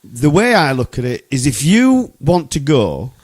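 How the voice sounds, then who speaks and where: Fired-up man ranting, pitch swinging widely. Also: big pitch swings, measured pace, a little mellow, no echo, studio quality. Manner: heated, profane ranting. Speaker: podcast co-host. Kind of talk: casual podcast chat. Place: Oshawa, Canada.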